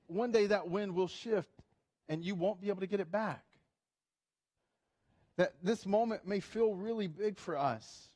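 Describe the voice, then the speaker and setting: Casting: man, 30s, high-pitched pastor, lively and funny conversational sermon. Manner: animated, humorous, with playful asides.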